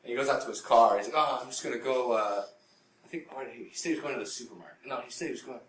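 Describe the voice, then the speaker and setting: A man's voice: mid-range voice, racing, recorded from a distance. A man co-hosting a podcast, telling a story in casual chat, rambling and swearing, with lots of "like". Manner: rambling, profane, heavy use of "like", mimics people in the story. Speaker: podcast co-host. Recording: echoey room with noise.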